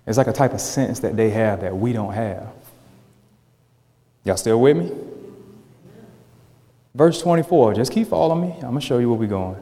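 Joking preacher in an echoey hall. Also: male voice, on the low side, dark tone. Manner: conversational, joking with the congregation. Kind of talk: sermon.

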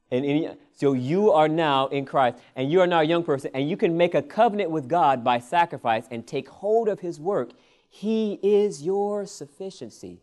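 Male preacher, storytelling sermon, lively, laughs along with his own anecdote, mid-pitched voice. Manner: animated, laughing, call-and-response "Amen".

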